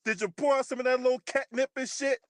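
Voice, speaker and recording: A man's voice: very high voice, steady tone, fast, no room sound, studio quality. A man hosting his own channel who reads out a news story and comments on it, mocking the people in it, swearing freely and often laughing.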